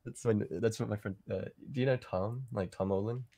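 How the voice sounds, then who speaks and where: Deep-voiced Northern English man, dry humor. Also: a little fast, dark tone. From England, near Leeds. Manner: dry, hesitant, understated humor. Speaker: guest on a livestream. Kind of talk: casual chat.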